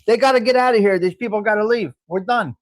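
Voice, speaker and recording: A man's voice: sits high, quick pace. A middle-aged man, hosting a live coffee chat stream and talking bluntly to viewers, joking and swearing freely.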